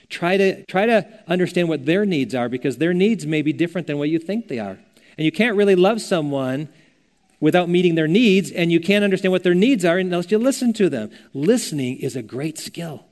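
A man's voice: fairly high pitch, expressive, fairly quick, darkish tone. An older man preaching a sermon as a pastor, earnest and conversational, telling stories as he teaches. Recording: long reverb of a church hall.

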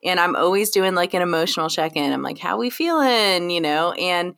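A woman from New York co-hosts a podcast, reassuring and animated as she talks, often breaking into laughter. Her voice sits a little low. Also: brisk, vocal fry. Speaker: co-host, midwife. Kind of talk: casual podcast chat.

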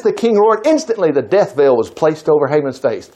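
A man preaching a sermon, retelling a Bible story in a lively, chatty way and acting out the characters' lines. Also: fairly high pitch, brisk, hardly any pauses. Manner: animated, acting out voices, chuckling asides.

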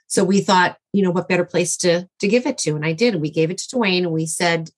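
A woman's voice: on the low side, quick pace. A middle-aged woman as an interview guest, telling a personal story in a heartfelt, rambling way with many fillers and restarts.

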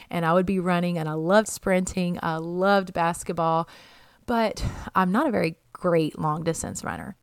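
A woman's voice: on the low side, smooth, no room sound. A young adult woman giving an earnest, encouraging devotional talk and reading scripture aloud. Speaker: Christian podcast host.

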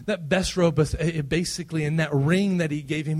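A male pastor preaching a sermon, emphatic and swinging between loud passages and soft, low ones. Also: steady tone, a little fast, few pauses.

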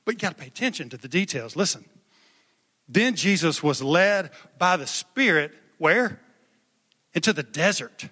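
A man's voice: a little high, very animated, moderate pace, pushed and bright. A male pastor preaching a sermon in an emphatic, conversational way, calling on the congregation to respond. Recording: long hall reverb.

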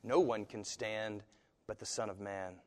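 A man preaching a sermon as pastor, talking in a conversational, animated storytelling way with asides. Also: lowish voice, a little slow. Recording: echoey hall.

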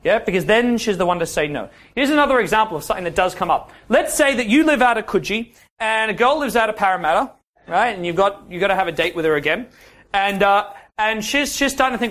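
A dating coach with a high, fairly bright voice speaks fast with lively intonation. Teaching a workshop class, he addresses the room directly, poses questions to them, and caps his points with "yeah?"

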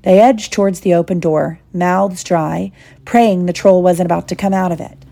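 Low-voiced woman reading a story. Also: gravelly. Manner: steady, measured storytelling. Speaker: audiobook reader. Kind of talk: audiobook narration.

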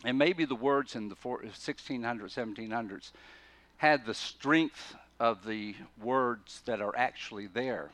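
Man preaching an animated sermon. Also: medium pitch, unhurried, no echo. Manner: animated storytelling, swings between quiet asides and loud emphatic bursts; repeats and restarts words mid-thought. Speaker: pastor.

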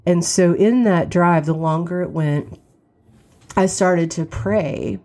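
A woman's voice: fairly low pitch, slow pace, warm tone. A middle-aged woman from West Virginia, candidly telling a personal story on her podcast while getting over a cold. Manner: candid, reflective, wry laughs. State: has a cold, occasional cough. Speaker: podcast host.

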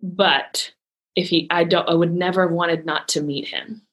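A woman's voice: on the low side, fairly even intonation, normal speed, a bit bright. A middle-aged woman in casual faith chat, talking emphatically and heartfelt, laughing easily.

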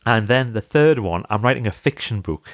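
A man telling lively, self-mocking stories in a casual chat over a video call from his office library. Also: mid-range voice, moderate pace, no room sound, studio quality. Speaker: podcast guest, author.

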